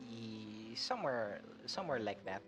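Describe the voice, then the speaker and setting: Man running a tabletop game, rambly and chatty, guitar music clearly behind him. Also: lowish voice, very animated, a little slow, a bit bright. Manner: rambling, with many fillers and laughs. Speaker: game master.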